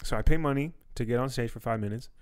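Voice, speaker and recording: A man's voice: medium pitch, quick pace, clear, resonant tone. A man from Washington, D.C. hosting a podcast, telling stories in a laid-back, slangy way with plenty of swearing. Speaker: podcast host and comedian. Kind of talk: casual podcast chat.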